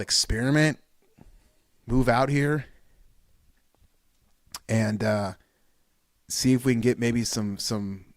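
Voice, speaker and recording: A man hosts a podcast and delivers a rousing motivational talk. He hammers at his point with repeated phrases and sudden loud bursts. His voice sits at an ordinary pitch and sounds dry and close. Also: no echo. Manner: fired-up, repetitive exhortations with loud bursts. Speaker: podcast host. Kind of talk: solo podcast pep talk.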